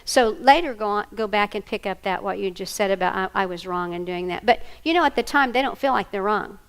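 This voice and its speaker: A woman's voice: medium pitch, brisk, clear, resonant tone. A woman, teaching a workshop to a live audience, telling stories and checking in with her listeners. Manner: animated, storytelling, checks in with listeners. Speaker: workshop presenter.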